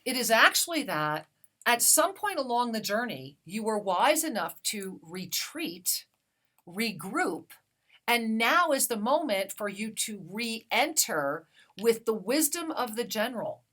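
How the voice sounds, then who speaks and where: A woman with a fairly high voice hosts a spiritual talk radio show. She speaks slowly and soothingly, offering affirming guidance and leading listeners through breathing. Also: very animated, fairly bright tone.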